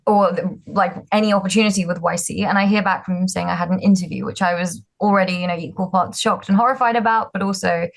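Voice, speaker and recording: A woman's voice: fairly low pitch, fairly even intonation, fast talker, gravelly, few pauses. Chatty young woman founder. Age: 20s. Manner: chatty, frequent ums and likes, self-deprecating. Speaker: startup founder, guest. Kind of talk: casual interview storytelling.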